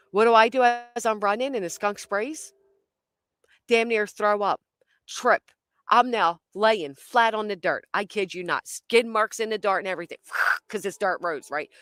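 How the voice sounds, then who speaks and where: A woman spins a chaotic personal tale in a loose, casual way, dropping curses every few words and breaking into laughter as she goes. She acts out her own thoughts with dramatic flair. Her voice sits at an ordinary middle pitch and sounds dry and close, with no room echo. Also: fairly bright tone. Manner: blunt, swears constantly, laughs through her lines. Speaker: storyteller. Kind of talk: casual profane storytelling.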